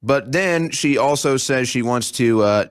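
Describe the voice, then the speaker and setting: Host, young man, mocking and scornful monologue, middle-pitched voice, hops from topic to topic. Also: unhurried, smooth, dry recording, clean studio sound. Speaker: talk show host. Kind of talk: sarcastic political talk show monologue.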